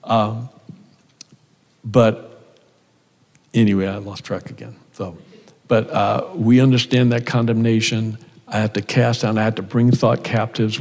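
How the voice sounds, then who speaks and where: A man's voice: mid-range voice, flat delivery, measured pace, a little mellow. A middle-aged man, a minister, speaking at a seminar in a fervent, rambling way full of asides and restarts. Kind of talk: seminar talk from a stage. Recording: echoey hall.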